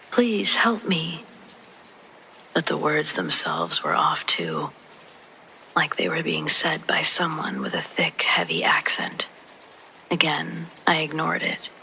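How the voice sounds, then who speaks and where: A narrator whispering a true horror story in a soft, hushed voice, with faint rain behind. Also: mid-range voice, vocal fry, slight background noise, poor audio.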